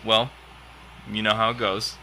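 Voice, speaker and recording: A young man chatting casually on a podcast, telling stories in an animated, profane way and laughing often. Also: lowish voice, unhurried, slight background noise. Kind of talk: casual chat, storytelling.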